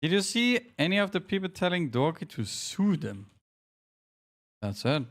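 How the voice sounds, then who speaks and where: A man's voice: on the high side, sing-song, normal speed. Chatty man streaming a game. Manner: chatty, jokey, self-deprecating, directing teammates. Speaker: streamer leading a game team. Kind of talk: casual live-stream gaming chat.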